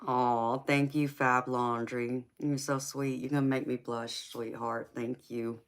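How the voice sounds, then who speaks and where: A middle-aged woman from California with a Southern accent hosts a tarot livestream, reading viewer comments, calling people honey and sweetheart, and laughing often. Her voice rumbles low with little pitch movement, and she talks a little slowly.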